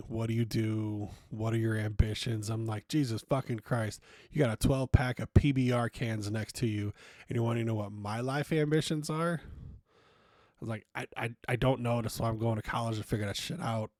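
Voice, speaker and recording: A man's voice: medium pitch, a little mellow, no echo, studio quality. A young man hosting a podcast, telling a personal story in a blunt, profane way and acting out the dialogue. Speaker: podcast host. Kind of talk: casual storytelling monologue.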